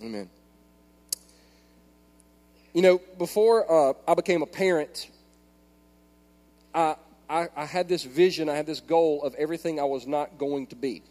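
Male pastor, sermon style, high-pitched, with a long reverb from a large hall. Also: moderate pace. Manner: animated storytelling, swings from hushed prayer to shouting.

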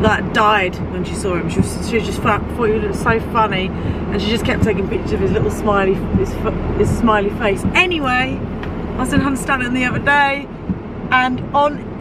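A vlogger with a fairly high voice chats casually into her phone, telling stories, swearing freely and laughing a lot, with music and noise in the background.

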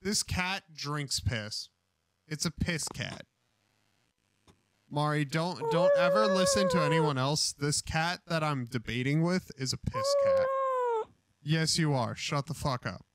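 A man's voice: huge pitch swings, a little slow, fairly bright tone, no echo. A man on a call, streaming a crude comedic rant, hurling profane insults with sudden shrieks. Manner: insulting, profane, wildly swinging pitch. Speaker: streamer debating a cat.

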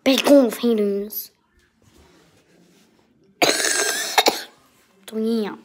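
A bratty, self-absorbed young vlogger girl, put on by a woman, whining and sulking in a petulant, clueless way. Her voice sits a little high. She drags every word out slowly. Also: steady tone, darkish tone. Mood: whiny. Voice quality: whiny, petulant, deliberately clueless delivery. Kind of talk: comic character vlog.

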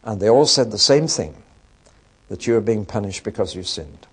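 A man quoting a gentle, pious old sage. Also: on the low side, expressive, moderate pace, husky. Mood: gently pleading. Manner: gently pleading, sure of himself.

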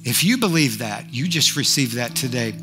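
A man's voice: mid-range voice, lively intonation, normal speed, music in the background. A male pastor preaching a sermon, fervent and declaring, rising to emphatic peaks.

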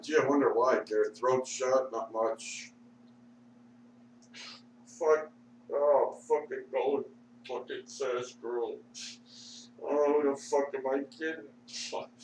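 A man mutters and swears through a rambling rant, slow and low-pitched. He sounds sore and strained. The recording catches him from across an echoey room over a faint hum. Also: fairly even intonation, distant mic. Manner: profane, muttering and grumbling. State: sore, struggling to talk. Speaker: vlogger.

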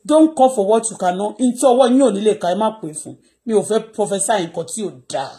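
A Nigerian woman blogger, native in Yoruba, fires off an impassioned rant on a live stream and raises her voice. Her medium-pitched delivery is rapid-fire and expressive, with a mellow quality.

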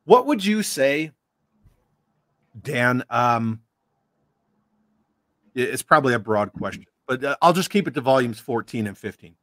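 A man's voice: medium pitch, animated, unhurried, long pauses, a bit bright, dry recording, clean studio sound. A man hosting a casual livestream interview, chatting with his guest and greeting viewers from the chat. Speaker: host.

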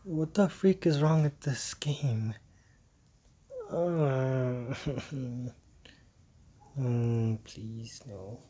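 Slow, exasperated man gaming. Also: mid-range voice, slight background noise. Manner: jittery, exasperated muttering with hushed asides. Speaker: gamer playing a horror game. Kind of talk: let's-play commentary.

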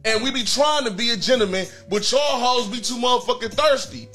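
A man's voice: extremely high pitch, brisk, fairly bright tone. A man hosting a crude comedy call-in show, talking in a brash, insulting, rambling way. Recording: background music throughout.

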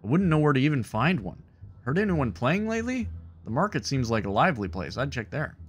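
A man's voice: mid-range voice, sing-song, fairly quick, slightly rough. A man voicing a nervous, earnest young male bard while reading game dialogue aloud. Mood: earnest, wistful. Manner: reads the bard's lines aloud in his own voice.

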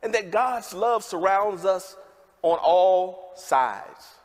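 A man's voice: high voice, animated, slow. A man preaching a sermon in a large worship hall, folksy and calling out to the congregation. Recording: long hall reverb.

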